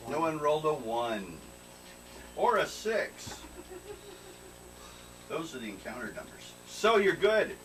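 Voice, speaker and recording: A man's voice: on the high side, big pitch swings, slow pace, pauses often. A man narrating as game master in a tabletop role-playing game, laughing often and telling players to roll dice. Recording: noisy room recording from a distance.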